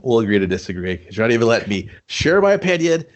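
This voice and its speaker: A man's voice: mid-range voice, fast talker. A man co-hosting a podcast, reviewing a movie in casual chat, swearing a lot and acting out scenes in put-on voices. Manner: profane, animated, acts out scenes in voices. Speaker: podcast co-host.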